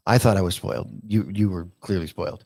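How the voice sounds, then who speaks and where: A man's voice: sits low, steady tone, fast, vocal fry, warm tone. A man co-hosting a podcast in casual chat, teasing his co-host with profane banter.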